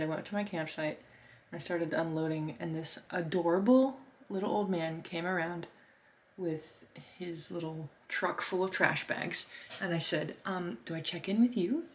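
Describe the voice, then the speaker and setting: Young woman, casual vlog storytelling, chatty, lots of fillers, slightly low voice. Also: a little fast. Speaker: artist vlogger.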